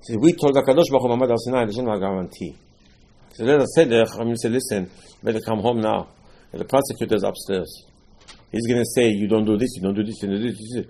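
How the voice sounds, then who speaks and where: Husky-voiced man giving an emphatic Torah lesson. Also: mid-range voice, brisk, dark tone. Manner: emphatic storytelling, repeating phrases for stress. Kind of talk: Torah lesson on Passover night.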